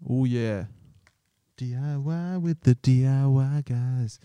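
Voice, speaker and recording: A man's voice: mid-range voice, takes it slowly, dark tone, clear, resonant tone, no echo. An Australian man co-hosting a podcast, teasing his co-host with sarcastic ribbing. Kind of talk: casual banter.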